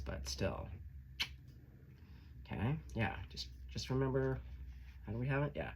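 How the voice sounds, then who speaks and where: A man reads tarot cards in a casual, chatty way, swinging between blunt curses and warm encouragement. His voice moves a lot in pitch and carries a gravelly edge. A faint hiss sits under the recording. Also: big pitch swings, measured pace, long pauses. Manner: blunt, profane, playful and encouraging. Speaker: tarot reader. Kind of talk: casual tarot reading to camera.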